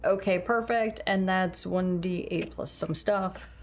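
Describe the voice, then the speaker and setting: A woman's voice: on the low side, unhurried. A woman player in a tabletop game, talking casually and matter-of-factly about her turn.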